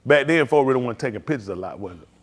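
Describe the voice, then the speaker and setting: Animated joking older man. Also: medium pitch, racing. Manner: animated, joking, mimics others' voices. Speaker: live stream host. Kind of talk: casual storytelling chat.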